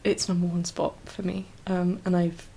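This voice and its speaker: Soft-spoken young woman, half-whispering. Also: lowish voice, monotone, normal speed, vocal fry, slight background noise, poor audio. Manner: rambling, full of fillers and laughs. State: teary, emotional. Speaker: ASMR creator. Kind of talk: soft-spoken ASMR chat.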